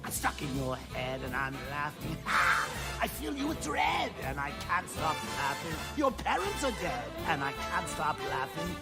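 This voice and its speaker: Guy singing as a cackling crazed clown villain, gravelly, loud music behind. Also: on the high side, sing-song, measured pace, hardly any pauses. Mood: gloating, manic. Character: manic laughing male clown villain. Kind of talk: sung villain song. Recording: song over loud music track.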